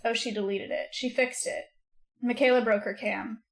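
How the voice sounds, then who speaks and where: A woman streamer talks casually with her live chat, reacting aloud as comments come in. Her voice sits a little high. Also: steady tone, moderate pace.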